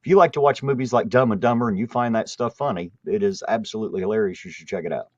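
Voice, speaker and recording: A man's voice: on the low side, quick pace, dry recording. A man hosting a casual livestream, greeting viewers, reading chat aloud and joking dryly. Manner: dry, playful, greets viewers and reads chat. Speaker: livestream host. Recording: dry muffled lo-fi audio.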